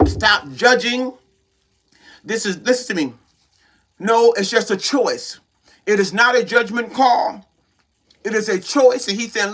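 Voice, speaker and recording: A man's voice: high voice, unhurried, pauses often, a bit bright. A man preaching a sermon with fervor, repeatedly calling out to his listeners. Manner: fervent, repetitive exhortations with call-outs to listeners.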